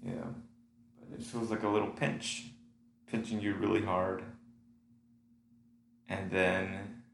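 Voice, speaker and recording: This solo audio diarist has a low, creaky voice with a level tone, and he takes it slowly. Congested with a stuffy nose, he talks casually and meanders, full of fillers and restarts. He records on a home setup at his apartment computer in an echoey room with a faint hum.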